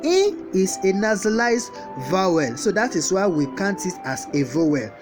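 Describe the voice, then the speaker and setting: A woman teaching a language lesson, repeating each word slowly as she goes. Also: medium pitch, very animated. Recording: guitar music playing behind the voice.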